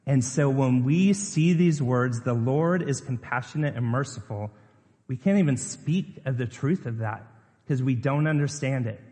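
A man's voice: mid-range voice, normal speed, dark tone. A man preaching a sermon as pastor, chatty and conversational, putting questions to his congregation. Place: church sanctuary. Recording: long reverb of a church hall.

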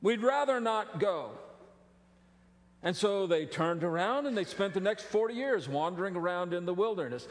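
High-voiced joking pastor in a reverberant hall. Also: male voice, brisk, few pauses. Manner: animated and joking, with frequent restarts. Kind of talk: sermon. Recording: long reverb of a large hall.

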